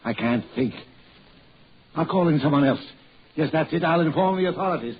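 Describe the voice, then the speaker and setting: An actor playing a fussy, rational family doctor in 1940s radio acting, soothing one moment and flustered the next. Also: male voice, fairly high pitch, a little fast, close to an everyday voice. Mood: agitated. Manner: soothing, then flustered and excitable. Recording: dull old radio recording with faint hiss.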